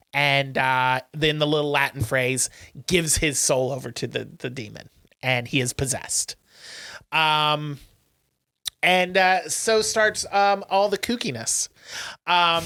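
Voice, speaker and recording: A man's voice: fairly high pitch, smooth. A man co-hosting a podcast, casually recapping a movie plot with lots of "um"s and acted-out lines. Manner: animated storyteller, acts out lines, many "um"s. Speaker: podcast co-host.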